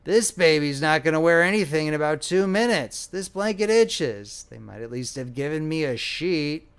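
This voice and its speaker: A man's voice: on the high side, expressive, normal speed, fairly bright tone, smooth. A man voicing an old man born as a baby, with a cracked, quavering, complaining voice. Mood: peevish. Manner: complaining, peevish. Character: querulous newborn baby who is a cracked ancient old man.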